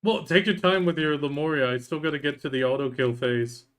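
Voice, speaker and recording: A man's voice: fairly high pitch, a little fast. A man live-streaming a game, chatting casually and greeting viewers as he plays. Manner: relaxed, talks to himself and greets viewers between game moves. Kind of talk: casual live-stream chat while playing.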